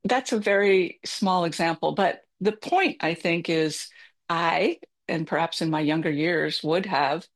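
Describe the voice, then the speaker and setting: A woman's voice: lowish voice, a little slow. A middle-aged woman telling a self-deprecating personal story as advice, candid and chatty with filler words. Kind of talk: personal advice talk with anecdote.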